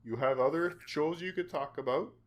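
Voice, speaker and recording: A man hosting his own podcast, talking in an earnest, halting way with frequent restarts. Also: a little high. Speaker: podcast host. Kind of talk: casual podcast chat.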